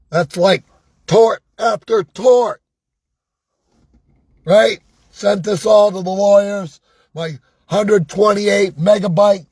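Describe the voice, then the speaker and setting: An older man with a high, husky voice vents in a slow, agitated monologue, swearing and asking "right?" again and again. The sound is dry and close, with no room around it. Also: a little mellow, dry recording. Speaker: vlogger. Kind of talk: angry personal monologue.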